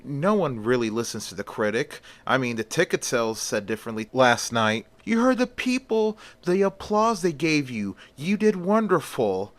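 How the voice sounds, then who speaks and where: Guy doing sweet young boyfriend, reassuring, goes way up high. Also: sing-song, moderate pace, few pauses, natural voice. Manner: soothing, reassuring. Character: young man, caring, reassuring suitor.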